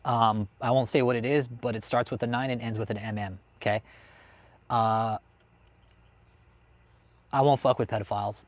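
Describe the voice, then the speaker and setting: A man's voice: mid-range voice, fairly even intonation, normal speed, pauses often. Cussing man ranting on a livestream. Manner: heated, swears constantly, talks straight to chat viewers. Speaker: host of a livestream on cults. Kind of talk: profane livestream rant, reading chat.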